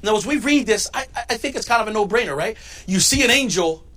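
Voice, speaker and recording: Male pastor, high voice, dynamic sermon delivery, loud to hushed. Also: expressive, fast.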